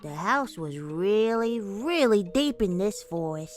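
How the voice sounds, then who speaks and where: A woman streaming and translating a game live, animated, laughing and mocking herself between lines. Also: mid-range voice, a little slow. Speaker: streamer and voice actress.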